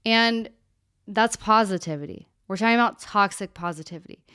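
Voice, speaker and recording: Candid, smooth-voiced woman hosting a live Q&A. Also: medium pitch, normal speed, no room sound, studio quality. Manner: candid, animated, talks straight to viewers; swears casually. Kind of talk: casual live-stream talk.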